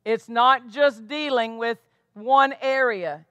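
A woman's voice: fairly high pitch, slow pace, a bit bright, no room sound. A woman pastor preaching a sermon with emphatic delivery, tossing questions back to the congregation. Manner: emphatic preaching with call-and-response asides.

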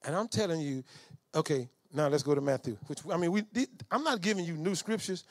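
A middle-aged man preaching a storytelling sermon, swinging from low asides to shouted commands. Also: a little fast, no echo, studio quality. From Southern United States.

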